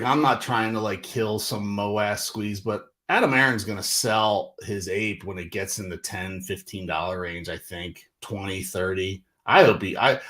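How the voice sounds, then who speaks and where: A man, hosting a casual livestream with animated, exasperated talk full of fillers. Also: lowish voice. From Northeastern US. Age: 40s. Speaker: livestream host.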